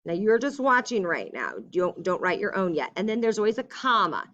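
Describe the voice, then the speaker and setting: A young woman teacher going through a writing lesson, dictating slowly and chatting in between. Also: medium pitch, big pitch swings, fairly bright tone, lo-fi sound. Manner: slow and deliberate when dictating, chatty in between. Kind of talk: recorded classroom writing lesson.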